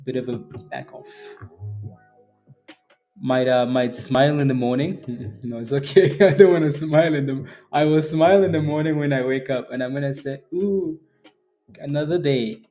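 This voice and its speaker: A man's voice: medium pitch, normal speed, warm tone, soft background music. A man hosting a live day trading stream, chatting casually, laughing often and answering viewers by name. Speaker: day trading livestream host.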